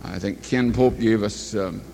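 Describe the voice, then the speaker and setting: A man's voice: on the low side, unhurried, gravelly, dark tone, a little hiss or hum. Folksy older man spinning a story. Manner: meandering, self-correcting, folksy. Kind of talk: rambling spoken anecdote.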